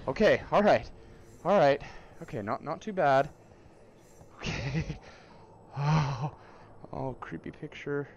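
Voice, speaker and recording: A young man playing a horror game at a friend's home, reacting out loud. He talks to himself, exclaims when startled and laughs nervously. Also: a little high, animated, takes it slowly, pauses often, a little hiss or hum.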